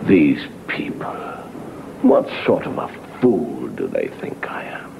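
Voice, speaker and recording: A man voicing a polite, proper traveller who speaks in a courteous, measured way. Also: medium pitch, huge pitch swings, voice pushed up. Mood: muttering. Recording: dull hissy old TV recording.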